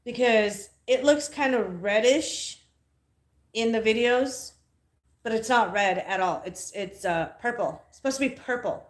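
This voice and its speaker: A woman's voice: on the high side, unhurried. A woman hosting a casual livestream podcast, blunt and playful, swearing freely as she chats with viewers. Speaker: podcast host. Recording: echoey room.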